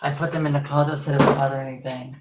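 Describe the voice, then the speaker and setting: A doll restoration vlogger with a very deep, flat voice talks very fast in a casual live stream while sorting supplies at home. She rambles and exclaims often; the room, full of stored boxes, sounds echoey, with heavy background noise.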